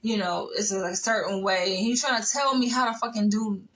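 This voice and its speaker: A young adult woman from Florida, telling stories in a blunt, profane, animated casual chat. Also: mid-range voice, brisk, poor audio. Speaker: vlogger.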